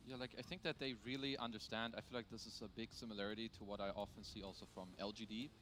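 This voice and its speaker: A man's voice: on the low side, fairly even intonation, fast, fairly bright tone. A man on an esports panel, analyzing the draft with thoughtful, hedging phrasing. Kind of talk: analytical commentary.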